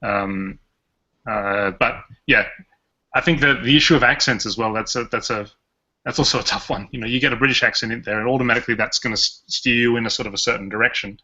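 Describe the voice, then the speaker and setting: A man's voice: mid-range voice, fairly even intonation, fast, bright, forceful tone. A man with an Australian accent hosting a podcast in casual, rambling, jokey chat. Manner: rambling, jokey, chuckles often. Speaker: podcast host. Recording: dull lo-fi podcast audio.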